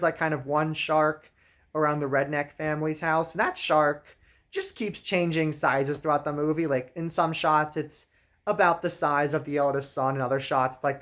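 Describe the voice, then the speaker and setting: A man's voice: on the high side, a bit bright. A man giving a sarcastic comedic recap of a film, wry and full of "like" fillers. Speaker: movie reviewer.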